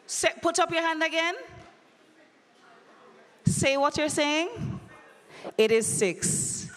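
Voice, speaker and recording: A woman's voice: sits high, animated, a bit bright. Playful woman emceeing in a hall. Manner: brisk, playful, teasing the crowd. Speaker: conference emcee. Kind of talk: lively audience quiz hosting. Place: large conference hall. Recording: long hall reverb.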